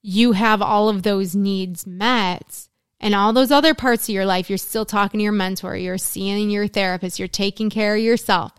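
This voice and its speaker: A mother of four in her middle years, talking in an earnest, conversational way that runs into long lists. Her voice is smooth and resonant at a mid pitch, recorded close and dry with no room sound. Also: steady tone, moderate pace, no echo. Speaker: guest, works with mothers in recovery. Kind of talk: casual conversation.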